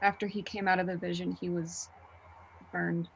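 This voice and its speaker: A woman playing a tabletop role-playing game in casual, quiet, subdued speech. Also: fairly low pitch, little pitch movement, moderate pace, vocal fry, slight background noise, poor audio. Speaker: player.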